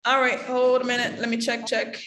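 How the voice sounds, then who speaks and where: A woman acting teacher taking questions in an online workshop, explaining in a lively way and acting out short examples. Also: a little high, a little fast, echoey room. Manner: lively, acts out examples with laughter.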